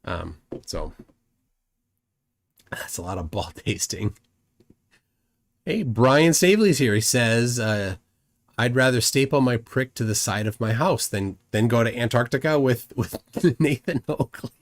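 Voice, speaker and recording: Lively rambling man. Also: mid-range voice, measured pace, pauses often. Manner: rambling, reads chat comments aloud, repeats words. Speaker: livestream host. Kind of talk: casual livestream commentary.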